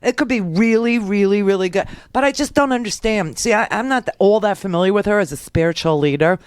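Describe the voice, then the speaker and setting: A woman's voice: mid-range voice, fast talker, clean tone, no echo, clean studio sound. A middle-aged woman hosting a political talk radio show, sarcastic and rambling, with laughing asides.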